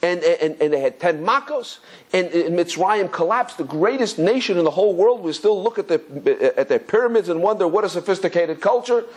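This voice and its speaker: A rabbi giving an animated Torah class, telling stories excitedly with stumbling repetitions and chuckles. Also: male voice, high-pitched, fairly quick, slightly rough. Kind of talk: animated Torah lesson with storytelling.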